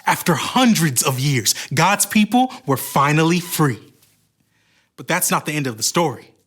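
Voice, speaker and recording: A man narrating a scripted Bible story for children in an expressive way. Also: on the high side, measured pace.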